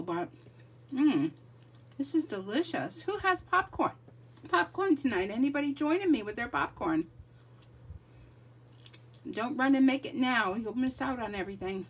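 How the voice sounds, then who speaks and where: Chatty husky-voiced woman hosting a livestream. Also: fairly high pitch, measured pace, pauses often, far from the mic. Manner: chatty, greets viewers by name, lively. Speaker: livestream crafting host. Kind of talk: casual live chat.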